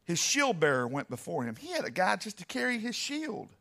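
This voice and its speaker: A man preaches with a high, bright, forceful voice that carries a gravelly rasp. His delivery is dramatic and speaks straight to the congregation, and it rises toward near shouting. His pitch leaps widely across every phrase. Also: wildly swooping pitch, a little fast. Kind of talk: animated sermon.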